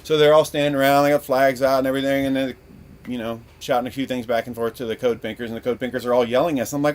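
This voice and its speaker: A man from Northern California hosting a podcast, rambling through a casual, profane story in an animated way. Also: medium pitch, fast talker. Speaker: podcast host.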